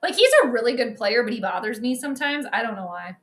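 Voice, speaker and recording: A young woman hosting a livestream, giving chatty and excitable commentary on a basketball game straight to her viewers. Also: on the high side, fast. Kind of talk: casual live commentary.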